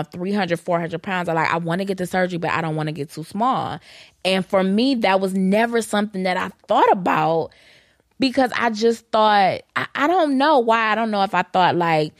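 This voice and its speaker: A woman's voice: medium pitch, no room sound, clean studio sound. A woman in her thirties co-hosting a podcast in casual chat, telling her story with animation and laughing along. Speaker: podcast co-host.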